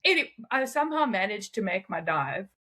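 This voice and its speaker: A young woman telling stories as an interview guest, animated and often laughing. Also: medium pitch. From South Africa. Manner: animated, laughing, quick asides. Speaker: guest, freediver. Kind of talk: casual interview storytelling.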